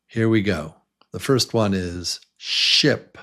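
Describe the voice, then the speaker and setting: Slow, patient man teaching English sounds. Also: on the low side, lively intonation, a bit bright. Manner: slow, patient, encouraging drills. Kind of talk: beginner pronunciation lesson.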